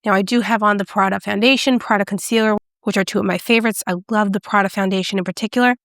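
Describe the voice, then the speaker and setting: A bubbly, excitable woman chatting through a makeup review and demo, gushing over each shade. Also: medium pitch, quick pace, dry recording, clean studio sound. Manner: drops to a whisper when excited. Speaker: beauty vlogger. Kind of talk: casual product review and demo.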